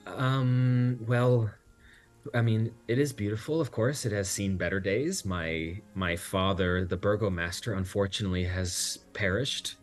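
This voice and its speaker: A man voicing a subdued young noblewoman in mourning, speaking low and haltingly. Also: soft background music, lightly acted. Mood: somber.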